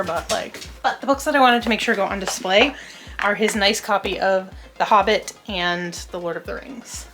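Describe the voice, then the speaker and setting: A young woman chatting casually as she sorts books at home, scattered and laughing often. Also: mid-range voice. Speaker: book vlogger. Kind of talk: casual chat while organizing. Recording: music playing underneath.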